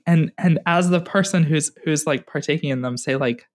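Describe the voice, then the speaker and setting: A woman co-hosting a casual political podcast, animated and exasperated, laughing and restarting her sentences. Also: low-pitched, moderate pace, hardly any pauses. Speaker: podcast co-host.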